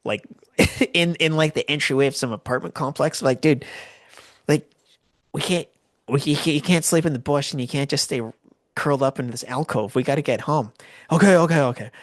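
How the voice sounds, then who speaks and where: A Canadian man in his forties, a podcast host telling a personal story in an animated, rambling way that corrects itself often. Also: on the high side, moderate pace, no room sound, studio quality.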